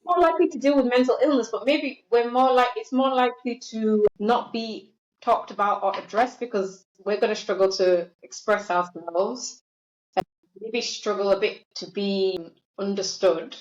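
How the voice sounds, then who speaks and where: A woman's voice: medium pitch, moderate pace. A woman talking in a thoughtful, hesitant way in casual podcast chat. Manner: thoughtful, hesitant, with many fillers. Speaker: podcast host. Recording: echoey, dull sound.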